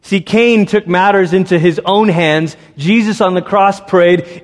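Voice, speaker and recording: A man's voice: high voice, a little slow, hardly any pauses. Man preaching with long hall reverb. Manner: conversational, acts out voices. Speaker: pastor. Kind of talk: sermon.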